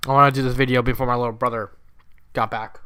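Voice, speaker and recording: A young man who has just woken up reads a fanfiction aloud, adding casual commentary and breaking into giggles often. His mid-range voice stays fairly level in pitch, moves at a quick pace, and sounds fairly bright, clear, and resonant.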